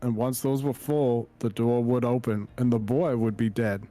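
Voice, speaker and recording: A man's voice: medium pitch, fairly even intonation, normal speed, mellow, no echo, faint music behind, voice pushed down, close to an everyday voice. A man playing a boastful adventurer who speaks in a grandiose, storytelling way. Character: boastful adventurer, theatrical and long-winded. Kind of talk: tabletop game role-play.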